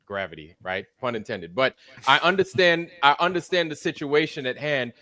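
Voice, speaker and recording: A man's voice: fairly high pitch, very animated, normal speed, pushed and bright. A man in casual online chat, heated and swearing constantly as he vents. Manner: heated, profane, ranting.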